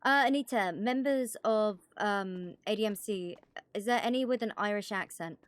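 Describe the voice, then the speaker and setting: A woman's voice: medium pitch, normal speed, clean tone, no room sound. A woman role-playing a police officer, chatting in character with frequent swearing and stammered restarts. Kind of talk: in-character role-play chat.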